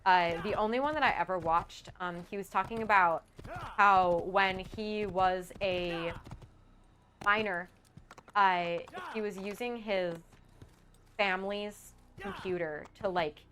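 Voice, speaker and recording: A woman's voice: medium pitch, slow, a bit bright, slight background noise. A woman co-hosting a stream in casual chat, giggly and prone to exclamations.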